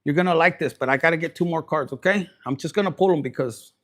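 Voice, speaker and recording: A man's voice: a little high, fast. A man giving a raunchy, joking live tarot reading, slipping in Spanish. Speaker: tarot reader.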